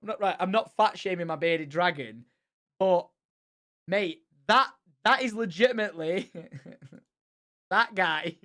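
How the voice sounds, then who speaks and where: A young man chats on a stream in a lively, rowdy way, swearing and laughing as he goes. His voice sits a little high and sounds bright and forceful. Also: takes it slowly, pauses often. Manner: animated, swears freely, laughs often. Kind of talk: casual stream chat.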